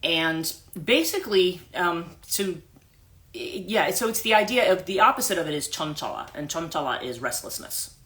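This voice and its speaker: A woman's voice: fairly low pitch, expressive, normal speed, a bit bright. A woman life coach hosting a livestream, telling a story casually with many restarts and asides, into a phone mic.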